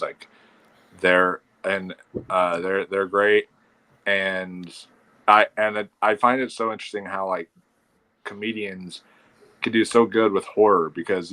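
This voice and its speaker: A man's voice: deep voice, a bit bright, poor audio. A man on a casual panel chat, enthusing about a comedy show with many restarts. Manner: hesitant, lots of fillers and restarts. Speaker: podcast co-host.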